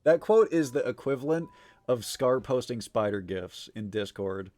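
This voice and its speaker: A man's voice: medium pitch, expressive, moderate pace, a little mellow. A man streaming live, chatting casually with viewers in a rambling way, full of fillers, frequent swearing and easy laughs. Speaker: livestreamer.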